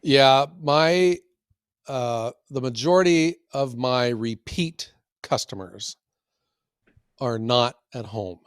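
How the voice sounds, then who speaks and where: A man co-hosting a casual podcast, telling stories in a folksy, animated way. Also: mid-range voice, slow, clean tone, dry recording, clean studio sound. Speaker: podcast co-host and firewood seller.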